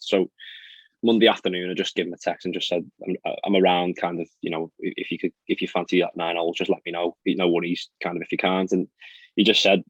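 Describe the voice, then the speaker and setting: Young man, golfer guest, quick chatty storytelling, dull lo-fi recording. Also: low-pitched, little pitch movement, no room sound. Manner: fast, chatty storytelling with frequent fillers and laughs. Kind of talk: casual podcast chat. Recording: dry, dull lo-fi sound.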